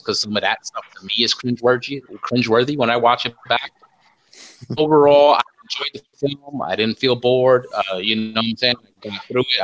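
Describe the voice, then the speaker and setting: A man's voice: medium pitch, fairly bright tone, low-quality recording. A man on a podcast panel, chatting casually and enthusiastically, swearing now and then. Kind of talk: casual chat.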